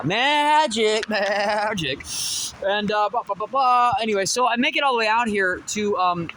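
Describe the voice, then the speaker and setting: A man rambling excitably in a personal vlog, laughing often and swinging from muttering to shouting. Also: sits high, a little hiss or hum, poor audio. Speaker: vlogger.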